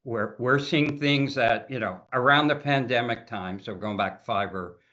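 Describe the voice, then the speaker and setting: A man speaking as a cybersecurity consultant guest in a casual interview, talking in an animated, emphatic way and often repeating words. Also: mid-range voice, measured pace. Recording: dull lo-fi audio.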